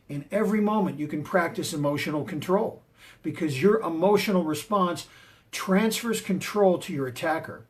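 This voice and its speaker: A man giving a motivational talk on confidence, emphatic and punchy, telling personal stories to drive his points home. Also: on the high side. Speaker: motivational speaker and martial arts teacher.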